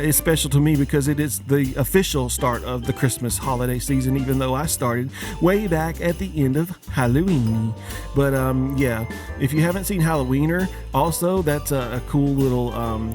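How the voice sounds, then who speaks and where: A man's voice: mid-range voice, fairly quick, over music. Joking man ranting to his listeners. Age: adult, father of young kids. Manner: joking, asks the audience many questions. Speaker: podcast host. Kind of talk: casual holiday rant.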